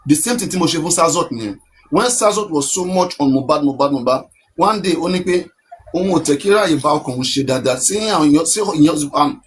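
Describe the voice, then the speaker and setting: A man's voice: fairly high pitch, a little hiss or hum. A man with a Nigerian accent hosting a live stream, explaining at length and repeating himself to make his point. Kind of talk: casual live-stream talk.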